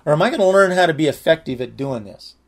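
A man's voice: fairly high pitch, lively intonation, quick pace. A man sharing a personal testimony in a candid, earnest, conversational way.

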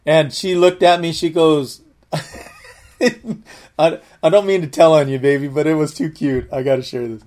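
Earnest, slightly high-voiced man teaching. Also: steady tone, normal speed, a little mellow. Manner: earnest, repeats and restarts words. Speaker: Bible teacher. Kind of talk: conversational Bible teaching.

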